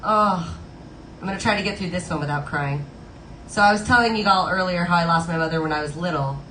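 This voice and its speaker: A woman's voice: fairly low pitch, brisk, sharp tone, a little hiss or hum. A woman in her thirties chatting casually with viewers on a live stream and reading out their comments. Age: 30s. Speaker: streamer playing Disney songs on request. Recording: echoey room with music playing.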